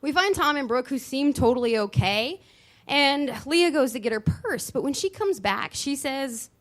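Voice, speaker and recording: A woman telling a personal story on stage at a live show, animated, with dramatic pauses and voice shifts. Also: high-pitched. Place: dance studio venue, live show.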